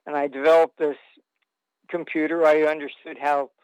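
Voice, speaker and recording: A man's voice: a little high, flat delivery, normal speed, clear, resonant tone, no echo, highs cut off. A man telling long anecdotes as an interview guest, rambling with fillers and restarts.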